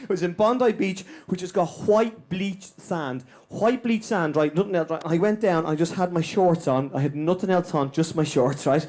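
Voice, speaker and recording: Rambling Irish stand-up comedian. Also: male voice, high voice, normal speed, hardly any pauses. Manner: animated, rambling, keeps asking "right?". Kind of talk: stand-up set. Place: small comedy venue, indoors.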